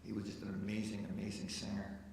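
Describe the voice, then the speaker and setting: A man with a lowish, darkish, creaky voice talks fast and in a monotone. He's a folk musician at a live concert on an arts center stage, telling stories between songs and joking with the audience while guitar music plays. The mic is distant in an echoey hall, with a little hiss or hum.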